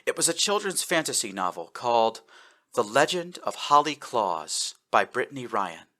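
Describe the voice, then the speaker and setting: Bright, lively male narrator. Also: normal speed. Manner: expressive, shifts pitch for characters. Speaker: fanfiction audiobook reader. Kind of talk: scripted narration.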